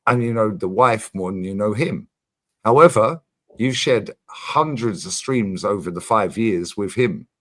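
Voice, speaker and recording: A man hosting a casual livestream chat, animated and emphatic, swearing freely and repeating his points. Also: fairly low pitch, measured pace. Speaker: streamer host.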